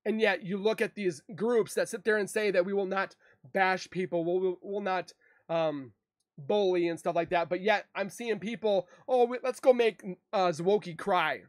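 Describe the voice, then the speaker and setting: A man's voice: high-pitched, fairly even intonation, normal speed, dry recording, clean studio sound. A man in an emotional, defensive monologue to camera, rambling and repeating himself as a true crime YouTuber. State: emotional, upset.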